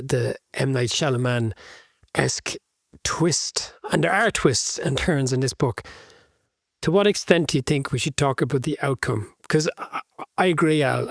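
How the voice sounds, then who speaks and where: A man's voice: mid-range voice, gravelly, no room sound, studio quality. A man co-hosting a football book podcast, speaking with earnest enthusiasm and thinking aloud as he goes. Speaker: podcast co-host. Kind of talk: casual book-club chat.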